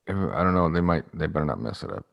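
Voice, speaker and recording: A man's voice: very deep voice, big pitch swings, fast, gravelly, lo-fi sound. A man co-hosting a podcast, casually telling a rambling story and acting out the people in it. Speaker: podcast co-host.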